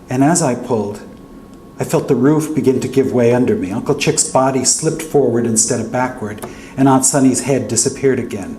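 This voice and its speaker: A male author narrating his own fiction aloud in a steady first-person voice at a college reading. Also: mid-range voice, moderate pace. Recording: echoey hall with faint hum.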